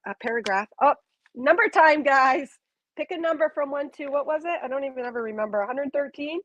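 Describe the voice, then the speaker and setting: A woman giving a live channeled spiritual reading, talking in long flowing repeated phrases with soft fillers. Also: a little high, no room sound, muffled recording.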